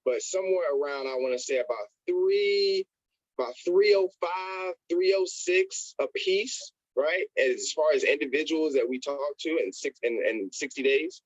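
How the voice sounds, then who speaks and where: A man telling a motivational story about his early days in sales, animated, repeating himself and calling his listeners "y'all". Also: a little high, a little slow, dry recording, highs cut off. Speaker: network marketing motivational speaker.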